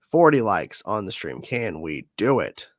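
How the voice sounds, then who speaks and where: A man's voice: fairly low pitch, big pitch swings, unhurried, no echo, clean studio sound. A man hosting a casual livestream chat, hesitant and unsure, often trailing off with "I don't know.". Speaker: host.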